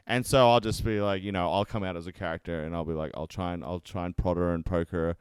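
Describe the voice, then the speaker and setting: A man who performs improv comedy, chatting casually on a podcast, animated and swearing freely. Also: low-pitched, fast talker, smooth, no room sound. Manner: animated, swears freely, acts out quoted voices.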